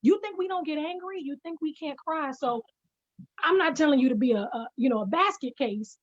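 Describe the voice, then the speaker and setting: High-voiced woman preaching encouragement. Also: animated, a little fast, dry recording, lo-fi sound. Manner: emphatic, preaching cadence. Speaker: guest, singer and life coach.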